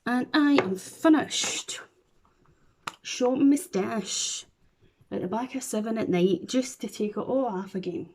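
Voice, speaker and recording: Slow-talking Scottish woman doing her makeup. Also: on the high side, darkish tone. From Scotland. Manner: playful, chatty asides while applying makeup. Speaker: beauty vlogger. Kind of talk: chatty makeup tutorial.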